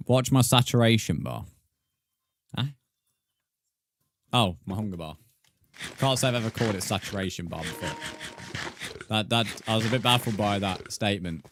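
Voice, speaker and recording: Low-voiced man chatting on stream. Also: no echo, studio quality. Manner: chatty, reads viewer comments aloud. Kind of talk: casual live-stream chat.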